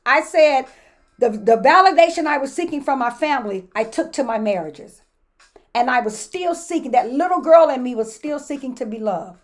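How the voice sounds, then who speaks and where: High-voiced woman pastor talking casually. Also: animated, moderate pace. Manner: conversational and colloquial, repeats words as she builds a point; greets viewers by name between points. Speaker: pastor and host. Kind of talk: casual motivational talk to live viewers.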